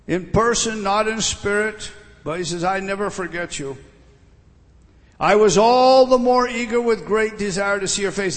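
A man's voice: high voice, a bit bright, big-room sound. A middle-aged man preaching a sermon, emphatic, often repeating words and putting questions to his listeners. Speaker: pastor.

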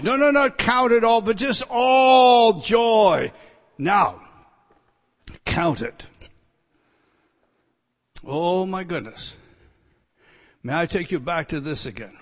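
A man preaching a sermon as pastor, emphatic and repetitive, swinging between loud declarations and hushed asides. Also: high voice, big-room sound.

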